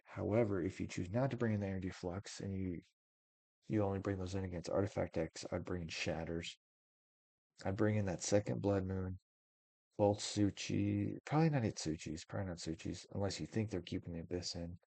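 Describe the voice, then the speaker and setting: A man with a low, gravelly voice commentates a card game in a relaxed, thinking-aloud way. His tone is dark and mellow, recorded close and dry. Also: a little fast, dry recording. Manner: musing, thinks aloud with many maybes. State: yawning, tired. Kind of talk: casual match commentary.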